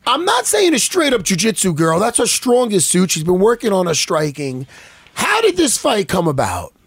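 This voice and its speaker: A man's voice: high-pitched, huge pitch swings, normal speed, vocal fry, slightly rough, no room sound. A man co-hosting a casual talk show, rambling and swearing, with lots of restarts. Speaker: podcast co-host. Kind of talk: casual profane chat.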